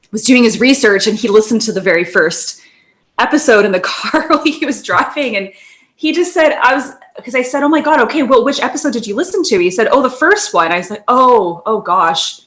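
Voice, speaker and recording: A young woman co-hosting a podcast in loose, casual chat. She rambles from one thought to the next, restarts her sentences and laughs often. Her voice sits at an ordinary middle pitch. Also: fairly bright tone. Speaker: podcast co-host.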